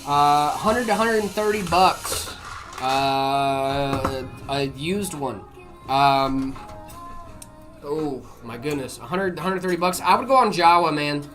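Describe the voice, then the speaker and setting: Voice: mid-range voice, slow, music in the background. A livestream host who chats casually while answering viewer questions about PC hardware, loose and filler-heavy, reading chat aloud.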